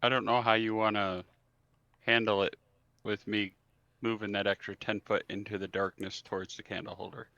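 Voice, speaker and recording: Guy with a bright edgy voice, kinda hesitant, dull dry mic sound. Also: fairly low pitch, flat delivery, normal speed, no echo. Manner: hesitant, lots of restarts. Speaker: player. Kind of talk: casual tabletop game play.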